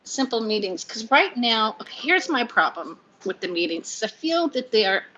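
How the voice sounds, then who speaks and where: A woman's voice: fairly high pitch, sing-song, normal speed, pushed and bright. A woman in her fifties chatting on a livestream from home, scattered and confiding, laughing through sadness. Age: 50s. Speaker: vlogger hosting a livestream. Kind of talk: rambling emotional livestream chat. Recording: lo-fi livestream audio.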